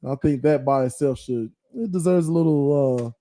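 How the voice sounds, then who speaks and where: A man's voice: mid-range voice, moderate pace, few pauses, dark tone. A man hosting a casual sports podcast, reflective and teasing, often tagging his points with "right?". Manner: reflective, teasing, uses filler words like "right?". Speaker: podcast host.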